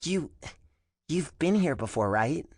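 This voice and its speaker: A man voicing a timid young woman in an audiobook, speaking softly and hesitantly with a stutter. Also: on the high side, expressive, slow, husky, no echo, clean studio sound, pitched above the performer's own voice, full character voice. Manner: stuttering, hesitant, near whisper. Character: shy, timid young woman, high chirpy voice. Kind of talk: audiobook character voice.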